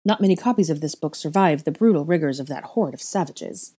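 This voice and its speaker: Woman doing a stern old witch librarian, flat precise disapproving delivery, low mellow voice, storybook. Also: fairly quick, slightly rough.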